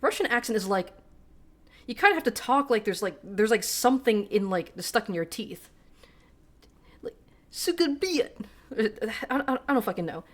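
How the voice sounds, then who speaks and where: A woman's voice: mid-range voice, lively intonation, brisk, fairly bright tone. A woman streamer giving casual, profane, self-deprecating commentary while reading game text aloud.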